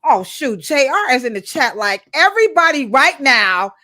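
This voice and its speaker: A woman hosting a live-stream podcast in a casual, lively way, calling out viewers in the chat by name. Her voice sits a little high and sounds bright and forceful. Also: moderate pace. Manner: casual, slangy American speech. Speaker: podcast co-host.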